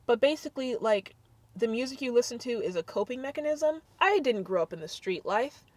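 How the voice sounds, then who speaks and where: A young adult woman talking to camera in a casual vlog, blunt and sassy with animated swings of delivery. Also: fairly high pitch, brisk, no room sound. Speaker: vlogger.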